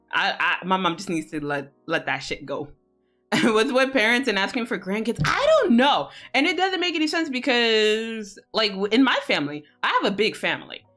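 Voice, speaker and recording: A woman's voice: medium pitch, fairly bright tone. A young adult woman chatting casually on a live stream, laughing often and swearing freely. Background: faint music.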